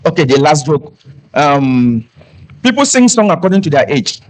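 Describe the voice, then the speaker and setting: A man's voice: on the high side, sing-song, moderate pace, poor audio. A man from Cameroon with a Cameroonian Pidgin English accent doing live stand-up comedy and making a fundraising appeal, joking and breaking into snatches of hymns. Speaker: event entertainer and fundraiser.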